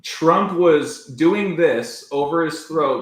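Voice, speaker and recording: A man's voice: a little high, measured pace, few pauses. A man on an online roundtable, eagerly cutting in and stressing his points. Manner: eager, interjecting, emphatic. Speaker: roundtable panelist. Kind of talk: casual online roundtable discussion. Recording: roomy echo.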